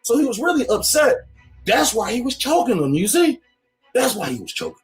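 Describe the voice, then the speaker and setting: A man reads a text aloud and riffs on it in casual slang, joking as he goes. His voice sits high for a man. It swings up and down constantly, with lots of energy. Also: fairly quick, faint music behind. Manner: slangy, animated. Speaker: commentary host. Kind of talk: comedic commentary reading a text.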